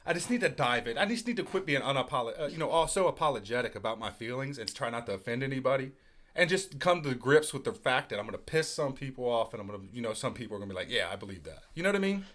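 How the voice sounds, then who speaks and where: A man hosting a live podcast, talking quickly and animatedly with his guest. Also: medium pitch. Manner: quick and animated, laughing along. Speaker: podcast host. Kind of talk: casual live podcast talk.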